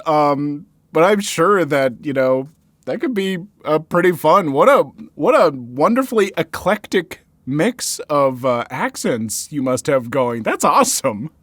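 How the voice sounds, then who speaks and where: A man in his thirties hosts a story show in a high, bouncy voice that swings widely in pitch. He talks casually and animatedly, with frequent fillers and self-corrections. The sound is close and dry. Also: animated, measured pace, dry recording. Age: 30s. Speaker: host reading and reacting to viewer stories. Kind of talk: casual chatty commentary.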